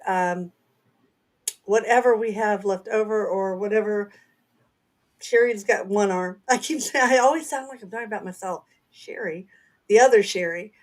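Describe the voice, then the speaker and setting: A middle-aged woman with a Southern accent, co-hosting a casual chat and laughing often. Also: mid-range voice. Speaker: author and co-host.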